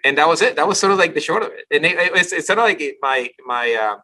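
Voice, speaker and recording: A man speaking as a podcast guest, telling a personal story in a quick, animated way with many restarts. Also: on the high side, low-quality recording. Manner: rapid, animated, restarting phrases often. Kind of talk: casual interview storytelling.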